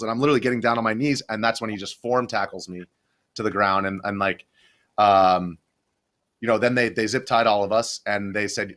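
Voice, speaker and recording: A man's voice: lowish voice, fairly even intonation, moderate pace, a bit bright. A young adult man, a video journalist, rambling through a story in a casual podcast interview, full of restarts and fillers.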